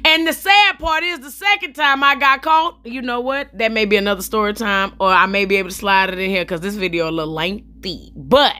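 A young adult woman telling a story in a vlog, in an animated, profane and sassy way, talking straight to her viewers. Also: medium pitch, a little fast, hardly any pauses. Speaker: comedian telling a story while styling her hair.

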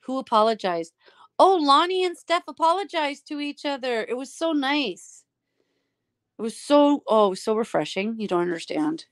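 A somewhat high-voiced woman runs a casual live stream and chats warmly with friends as they join. She talks in a loose, affectionate way and laughs often between lines. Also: expressive, moderate pace.

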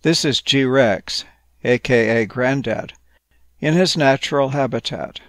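A man gently narrating a playful, whimsical bedtime story. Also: mid-range voice, slow pace, no echo.

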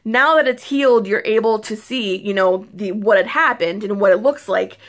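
A young woman beauty vlogger chatting casually to camera, excitable and rambling, full of fillers and restarts. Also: mid-range voice, moderate pace. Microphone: phone or camera mic.

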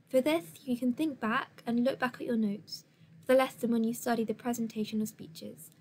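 A woman delivers a recorded lesson, giving clear, measured instructions in a slightly high voice. There's a faint hiss beneath the audio.

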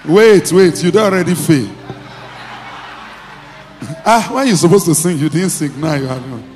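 A male pastor with a Nigerian accent preaching and leading deliverance prayer in a church, commanding and repeating short phrases, sometimes breaking into shouts. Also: on the high side, moderate pace, faint music behind.

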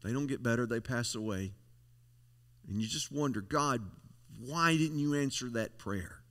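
Pastor guy preaching real slow, folksy and emphatic, big echoey church hall. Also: mid-range voice, fairly bright tone. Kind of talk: sermon. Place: church sanctuary. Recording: long church hall reverb.

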